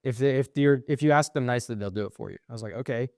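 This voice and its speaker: A man's voice: medium pitch, rapid-fire, dry recording, clean studio sound. A young man co-hosting a podcast, telling a long casual story with swearing and acted-out dialogue. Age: young adult. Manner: animated, profane, acts out quoted exchanges. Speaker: podcast co-host.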